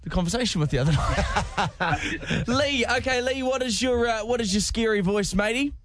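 A high-pitched male radio host with a very lively, bouncing voice. He jokes, teases and laughs easily during on-air banter. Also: normal speed, a little hiss or hum. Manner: joking, playful, laughs often.

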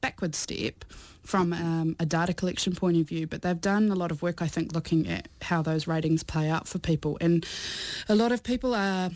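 A woman's voice: lowish voice, moderate pace, a little mellow, dry recording. Woman explaining tech, dry sound. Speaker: social media commentator. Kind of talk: casual radio chat.

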